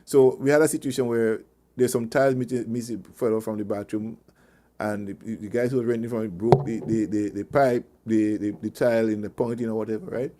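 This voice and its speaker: A man's voice: lowish voice, steady tone, a little fast, warm tone, slight background noise. Man rambling through relationship advice. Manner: rambling, anecdotal, chuckling, repeats words. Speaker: radio show host. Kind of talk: casual advice talk. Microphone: online meeting call.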